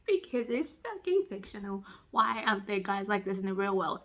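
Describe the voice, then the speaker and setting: A young woman chatting casually in a reading vlog, gushing and excitable, breaking into squeals as she retells a romance novel. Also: mid-range voice, fairly quick, few pauses, slight background noise. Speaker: book vlogger. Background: construction voices.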